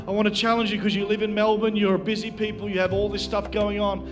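Animated high-voiced male preacher. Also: fast, few pauses, faint music behind. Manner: animated storytelling, self-deprecating jokes to the congregation. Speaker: pastor. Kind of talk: sermon with personal story. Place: church, speaking to a live congregation. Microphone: handheld microphone.

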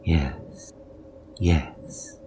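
Dazed young wife in shock, flat and halting, read by a man with a low voice. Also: slight background noise. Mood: numb.

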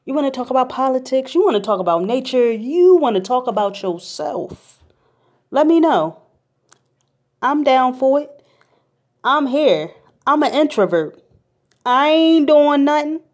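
A young woman hosting a podcast, telling comic stories in an animated, slangy, jokey way. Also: sits high, measured pace, long pauses. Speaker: podcast host. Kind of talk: comedic storytelling monologue.

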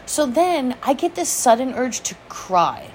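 There's a little background noise as this vlog host, her voice high, sing-song and somewhat mellow, unhurriedly rambles through a personal story. Self-deprecating and prone to asides, she swears freely and laughs often in the casual chat.

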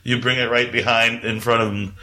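A man's voice: mid-range voice, level tone, a little fast, pushed and bright. A man narrating a tabletop game as game master, casual and rambling, full of fillers.

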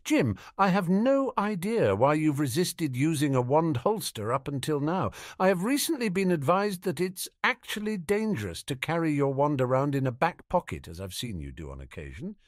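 A man's voice: fairly high pitch, sing-song, moderate pace, hardly any pauses, dry recording, pitched above the performer's own voice. A man reading out a dry, teasing young man's birthday note to his brother.

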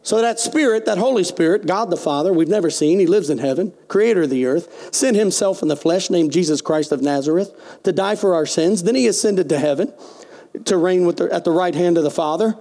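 A male pastor preaches in a high, gravelly voice. He talks folksy and direct, firing questions at the congregation. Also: a little fast, warm tone. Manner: folksy preaching with call-and-response. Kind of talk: sermon.

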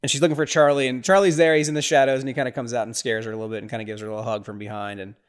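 A man's voice: medium pitch, little pitch movement, racing. Rambling male podcast host reacting to a film. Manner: rambling, reactive, with sudden exasperated outbursts. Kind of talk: casual movie watch-along commentary.

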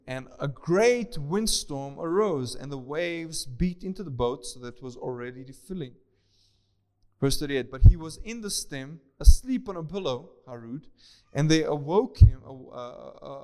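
A man preaching a sermon with a high voice. He acts out the people in the story with lively voices and drops from loud, emphatic bursts to quiet, soft asides. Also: moderate pace. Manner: animated, acts out voices of the disciples and Jesus. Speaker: pastor.

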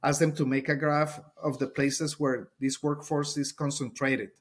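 In an interview conversation, a middle-aged teacher from Colombia speaks with a Colombian Spanish accent and a husky, fairly high, level voice at normal speed. He is sincere and frequently repeats words as he looks for the right ones.

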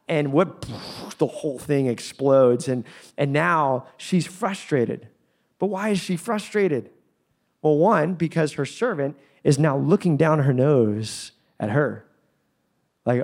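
A man preaching a sermon in a conversational, animated way, with playful asides. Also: medium pitch, a little slow. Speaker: pastor.

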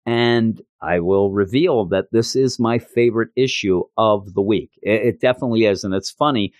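A man co-hosting a podcast, recapping a comic issue in casual chat and switching into goofy high voices when quoting characters. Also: normal speed, no echo, clean studio sound. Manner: animated retelling, jumps into high goofy voices for quotes. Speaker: podcast co-host reviewing comics.

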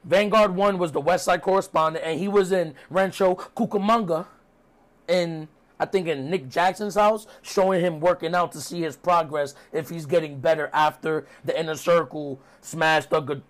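Male podcast host, casual rambling recap, slightly higher voice. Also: a bit bright. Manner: rambling, chatty storytelling. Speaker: podcast host reviewing wrestling.

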